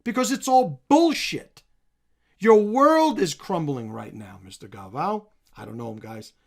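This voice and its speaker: A man's voice: high voice, sing-song, measured pace. Blunt, profane man reacting on camera. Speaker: commentary channel host. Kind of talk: reaction video commentary.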